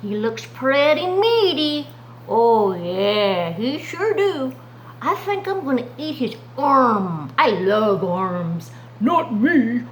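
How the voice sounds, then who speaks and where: A woman's voice: fairly high pitch, very animated, a little hiss or hum. A woman voicing a pack of hungry, boastful male lions in a children's Bible story, drawing out her words greedily. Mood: greedy. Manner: greedy, gloating, drawn-out.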